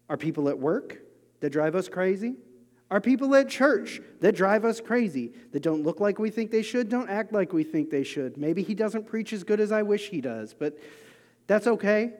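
A man in his thirties preaching a sermon in an earnest, confessional way, moving between quiet asides and emphatic urging. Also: fairly high pitch, expressive, moderate pace, long reverb tail. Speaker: pastor.

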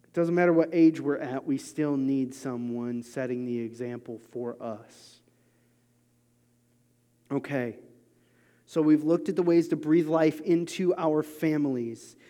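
A man in his thirties preaching a sermon in an earnest, confessional way, moving between quiet asides and emphatic urging. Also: a little high, measured pace, in a large hall. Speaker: pastor.

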